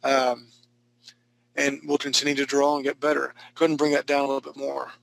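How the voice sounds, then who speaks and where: Gravelly, bright-voiced male art teacher. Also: medium pitch, completely flat delivery, brisk, no echo, poor audio. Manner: casual, encouraging, joking, with frequent restarts. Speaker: art instructor. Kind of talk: live online class critique.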